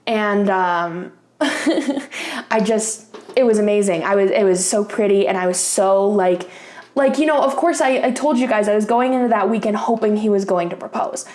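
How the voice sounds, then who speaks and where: A woman's voice: medium pitch, normal speed, darkish tone, echoey room. A young woman vlogger casually telling a personal story to camera, chatty, swearing freely, with lots of fillers. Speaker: craft vlogger.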